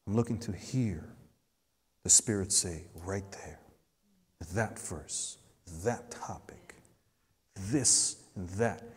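A man preaching a sermon as pastor, swinging between loud emphatic peaks and soft hushed asides. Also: low voice, slow, slightly rough, big-room sound.

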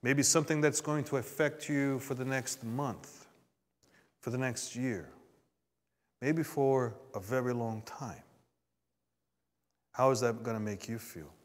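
A man preaching a sermon to a congregation. He swings between quiet asides and emphatic rises, and calls out for responses. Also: medium pitch, measured pace, pauses often. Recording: long hall reverb.

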